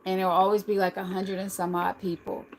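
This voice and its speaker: Speaking briskly in a level, medium-pitched voice, this middle-aged American woman runs a casual livestream, reading viewer comments aloud and replying in a chatty way. She has a slight lisp. The audio is poor, with a bit of hiss or hum.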